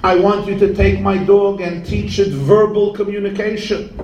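A man tells a folk tale in an animated, theatrical way. His voice sits high, and he scatters Yiddish and Hebrew words through the telling. The sound is roomy and echoey, with faint noise behind. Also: normal speed, recorded from a distance, dull audio. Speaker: storyteller.

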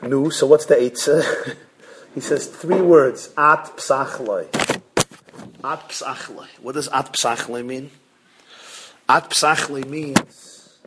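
A man, a rabbi, giving a sermon in an animated storytelling way, acting out voices and jokes along the way. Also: mid-range voice, a little hiss or hum. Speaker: rabbi giving a Torah class.

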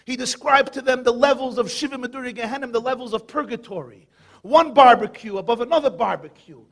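A man teaching a Torah lecture full of stories and rhetorical questions, shouting now and then for emphasis. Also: very high-pitched, a little fast.

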